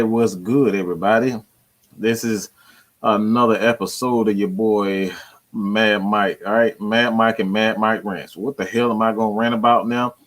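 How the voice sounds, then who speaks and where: A man's voice: lowish voice, a bit bright. Brash swearing man ranting about football. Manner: brash, slangy, repetitive, swearing. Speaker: fan channel host. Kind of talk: profane sports fan rant.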